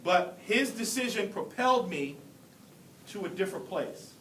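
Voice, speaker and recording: High-voiced man speaking in an echoey hall. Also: expressive, fairly bright tone. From Brooklyn, New York. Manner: earnest storytelling with deliberate pauses. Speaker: keynote speaker. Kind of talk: motivational speech. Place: large hall at a ceremony. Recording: echoey hall, distant mic, faint rumble.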